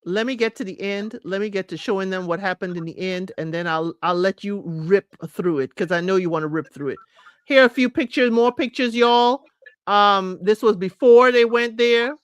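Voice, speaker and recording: A woman giving a chatty, animated recap of a reality show, talking straight to her viewers. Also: mid-range voice, normal speed, clean tone, dry recording. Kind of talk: casual recap commentary.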